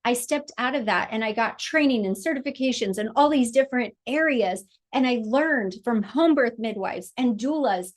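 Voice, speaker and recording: A woman's voice: on the high side, moderate pace, few pauses. A middle-aged woman, a childbirth educator, teaching a live online class in a chatty, encouraging way over a video call.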